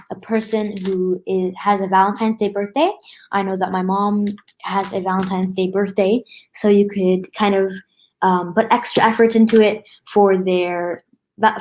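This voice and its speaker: A woman's voice: medium pitch, a little hiss or hum, poor audio. A woman hosting a craft tutorial at a table, talking casually through each step with many fillers and restarts. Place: indoors at a table.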